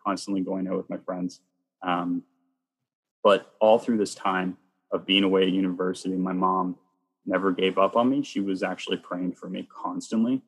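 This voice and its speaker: A man from Canada sharing his personal faith testimony as a guest, telling it in a lively way that acts out what people said. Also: low-pitched, moderate pace, slightly rough, long reverb tail. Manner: lively storyteller, acts out quoted lines.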